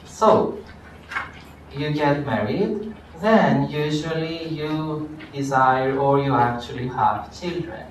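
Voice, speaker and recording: Lecturer, slow measured delivery, distant mic in a very echoey classroom. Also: medium pitch, a little hiss or hum. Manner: explains slowly, checks on students. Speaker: law lecturer. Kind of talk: university lecture.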